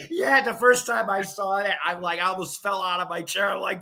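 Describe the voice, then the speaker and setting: A man hosting a casual radio show, excitable and profane, laughing often and slipping into impressions. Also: sits high, normal speed, creaky. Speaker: radio host and record collector. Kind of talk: casual chat. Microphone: studio mics.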